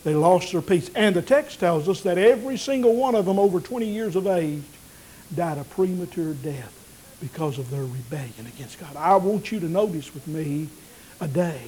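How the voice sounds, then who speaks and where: A man preaching a sermon, building to emphatic peaks and then dropping low and quiet. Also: husky, low-quality recording. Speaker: pastor.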